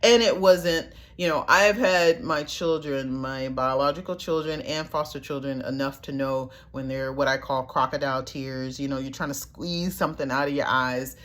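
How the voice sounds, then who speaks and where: With an extremely low voice at a moderate pace and hardly any pauses, a middle-aged woman casually shares foster parenting stories with her viewers. She's chatty, laughs often and acts out what people said.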